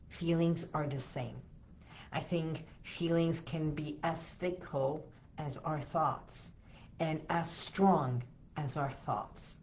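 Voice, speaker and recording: A woman hosting a solo wellness podcast, guiding listeners through calming techniques in a soothing, coaching way with emphatic repetitions. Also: low-pitched, muffled recording. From Los Angeles area, USA. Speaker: podcast host.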